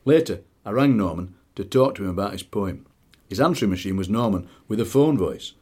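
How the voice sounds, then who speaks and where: This is a middle-aged South Yorkshire poet with a Barnsley accent, talking in an interview and reading poems aloud. His somewhat low, husky voice moves a little fast, and he is a lively storyteller fond of doing voices.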